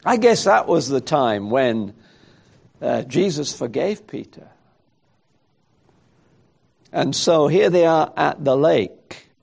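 A man's voice: a little high, expressive, slow, gravelly, pauses often, a little mellow. A man preaching a sermon in a reflective way, thinking aloud and asking rhetorical questions.

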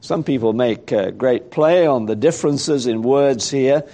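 Slow, gravelly-voiced male preacher. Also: medium pitch, dark tone. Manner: reflective, thinks aloud with rhetorical questions. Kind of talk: sermon.

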